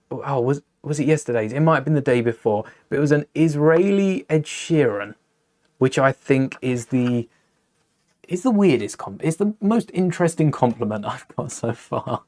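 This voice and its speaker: A man's voice: mid-range voice, darkish tone. A young man hosting a casual live stream, chatting and thinking aloud while building, often correcting himself mid-sentence.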